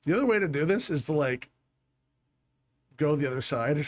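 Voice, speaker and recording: A man's voice: a little high, expressive, fairly quick, pauses often. A man playing a video game who thinks aloud as he plans, talking to himself in a casual, scattered way, frustrated and swearing a little. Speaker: let's play gamer. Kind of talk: casual gameplay commentary.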